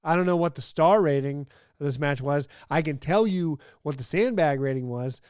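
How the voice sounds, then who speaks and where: A man's voice: fairly high pitch, moderate pace, background noise. Sarcastic man rambling through a wrestling review. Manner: rambling, sarcastic, many fillers, laughs often. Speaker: host. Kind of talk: comedic wrestling review commentary.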